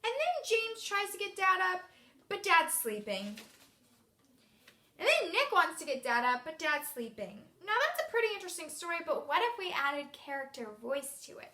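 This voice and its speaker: A woman's voice: high-pitched, bright, forceful tone, reverberant. A woman teacher giving a remote reading lesson, talking encouragingly to young students.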